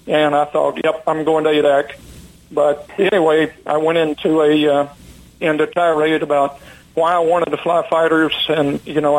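An older man, a retired pilot, telling long stories in a relaxed, rambling way with many fillers, as an interview guest. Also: on the high side, rough recording. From United States. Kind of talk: casual storytelling interview.

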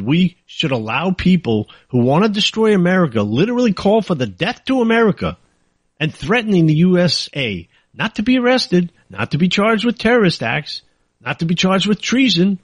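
A man's voice: medium pitch, slightly rough, no room sound. A man hosting a political talk show, ranting angrily and sarcastically in a monologue. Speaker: talk radio host.

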